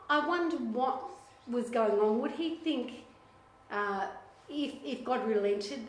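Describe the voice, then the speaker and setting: A woman leading a small-group Bible study in a casual, animated way, acting out what biblical figures might say. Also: fairly high pitch, a little hiss or hum. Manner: animated, chatty, acts out voices of biblical figures. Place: echoey room with a small group. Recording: echoey room recording.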